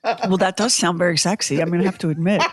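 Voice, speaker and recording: A woman's voice: on the low side, quick pace, no echo. A woman in her fifties hosting a podcast, chatting casually with tangents and self-deprecating humor. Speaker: podcast host.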